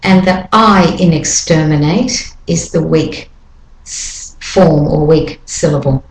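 A woman giving an English pronunciation lesson, saying each word slowly and deliberately twice for learners to copy. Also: deep voice. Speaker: pronunciation teacher. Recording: echoey room.

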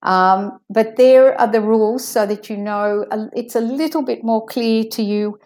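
Slow, mellow-voiced pronunciation teacher woman. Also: a little high. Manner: slow, careful, drawn-out word demonstrations. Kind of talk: English pronunciation lesson.

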